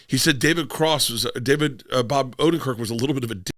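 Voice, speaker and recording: A man's voice: medium pitch, quick pace, fairly bright tone, no echo, studio quality. A middle-aged man from Florida, a comedian guest telling rambling stories in casual podcast chat and acting out quotes in bursts.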